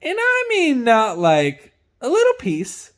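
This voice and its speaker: A young man, a mechanic, casually telling a story in loose slang, animated and laughing, with big swings between loud and quiet. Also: extremely high pitch, takes it slowly. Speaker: mechanic and channel host.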